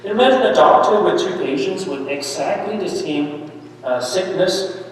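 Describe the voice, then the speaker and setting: A fairly high-voiced man preaching in a church, his words ringing back through a long hall reverb. He stands at a distance from the mic. He talks with his listeners more than at them, keeps tagging "right?" and "okay?", and jumps up in pitch and force on the points he wants to land. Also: a little slow, slight background noise. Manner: lively and emphatic, with sudden rises on key points. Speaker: priest giving a parish mission. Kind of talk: conversational sermon.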